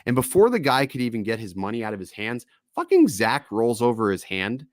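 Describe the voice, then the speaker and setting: A man hosting a casual live-stream chat, telling stories in a loose, profane, animated way. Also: medium pitch, fairly quick, no echo, clean studio sound. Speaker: podcast host.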